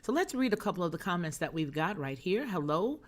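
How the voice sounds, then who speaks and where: A woman's voice: lowish voice, big pitch swings, a little fast. A woman hosting a news and chat livestream, talking to her viewers in a sassy, emphatic way as she reads their comments. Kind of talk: casual chat, reading chat comments.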